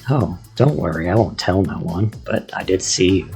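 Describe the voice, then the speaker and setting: A gruff older Texan backwoodsman with a thick country drawl, suspicious and quick to threaten, as a man narrating puts him on. The voice sits low with a gravelly edge, over faint music beneath. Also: darkish tone. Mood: folksy. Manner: folksy drawl, threatening then jovial.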